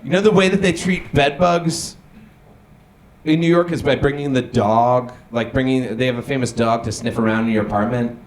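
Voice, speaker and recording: A young man doing a deadpan observational stand-up comedy set on a small bar stage, with some crowd work. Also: mid-range voice, moderate pace, a little hiss or hum. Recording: echoey bar room with ambience.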